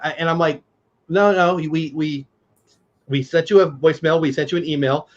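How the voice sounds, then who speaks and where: A man co-hosting a casual watch-party chat, telling blunt, animated work stories. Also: on the high side, moderate pace. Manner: blunt, animated storytelling with quoted voices. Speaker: co-host. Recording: dull lo-fi sound.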